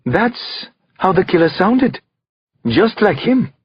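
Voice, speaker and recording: A man's voice: high voice, big pitch swings, takes it slowly, husky, dull audio, voice pushed up, exaggerated voice. A man narrating an audiobook voices a frightened young woman in her early twenties, shaky and whimpering. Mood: shaken.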